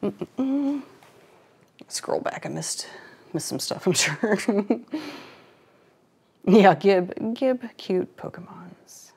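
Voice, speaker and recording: A woman's voice: mid-range voice, lively intonation, very slow, gravelly, pauses often, darkish tone, breathy edge. A woman hosting a live painting stream, chatting casually with viewers, laughing often and greeting chat while she works. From Florida.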